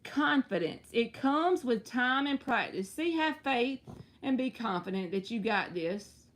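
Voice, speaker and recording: A woman's voice: on the high side, expressive, unhurried. A woman hosting a live tarot reading, talking in a chatty, reassuring way with playful slang.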